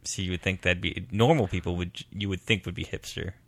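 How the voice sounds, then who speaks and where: Low gravelly man with quick quips. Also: steady tone, no room sound. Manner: short reactions and quips, laughs often. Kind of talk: casual chat.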